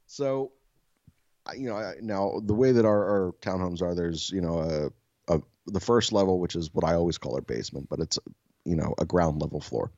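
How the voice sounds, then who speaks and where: A soft-spoken man co-hosting a podcast, telling a story casually, swearing freely and laughing at himself. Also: low-pitched, lively intonation, moderate pace, no room sound, dull audio. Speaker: podcast co-host.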